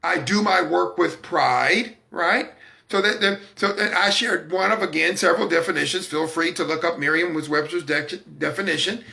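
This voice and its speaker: An emphatic man delivers a preaching-style talk on his own broadcast. His voice sits high and sounds very bright, with a gravelly catch in it. He talks with firm confidence and circles back on key words for stress. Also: moderate pace. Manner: repeats words when stressing a point. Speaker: broadcast host.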